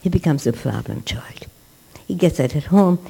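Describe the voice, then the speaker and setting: A woman teaching a religious class in a warm, mellow voice. She speaks emphatically, repeats key words for stress and acts out the people she quotes. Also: sits low, expressive, moderate pace, vocal fry, slightly rough, rough recording. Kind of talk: religious lecture.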